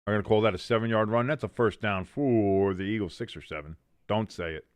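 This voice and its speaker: A man's voice: fairly low pitch, brisk, clean tone, no echo. A man hosting a live watch-along stream, calling plays as commentary, reading chat comments, correcting himself and cracking jokes. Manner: jokey, self-correcting, reads chat aloud.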